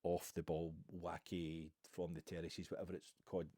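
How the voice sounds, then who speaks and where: A man from Ayrshire with a Scottish accent, chatting on his own about football in a rambling, animated way, full of asides and restarts. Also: deep voice, moderate pace, dry recording, clean studio sound. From Ayrshire, Scotland. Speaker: football podcast host. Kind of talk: rambling solo football chat.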